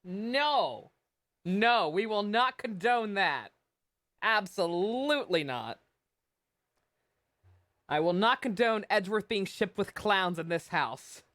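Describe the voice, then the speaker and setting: A man's voice: high-pitched, expressive, slow pace, long pauses, pushed and bright, dry recording. A man streaming a game, joking loosely and swearing freely as he comments. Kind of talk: let's play commentary. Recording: game music behind.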